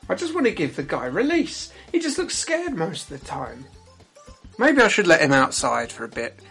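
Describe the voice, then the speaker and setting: A man reading a scripted comedic game review, deadpan and crude. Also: sits high, husky.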